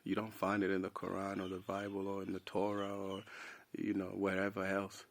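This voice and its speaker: Speaking a little fast in a deep monotone, a young man from South Sudan vlogs an unscripted, lengthy opinion piece to camera. His talk is casual and rambling, and he keeps addressing listeners as "bro."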